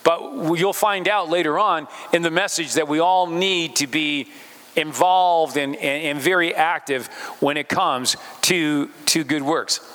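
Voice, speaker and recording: A man with a high, bright and forceful voice delivers a sermon to his congregation. He often turns to his listeners with direct questions. His words hang in the long reverb of a church hall. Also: unhurried. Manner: speaks straight to the congregation with questions. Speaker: pastor.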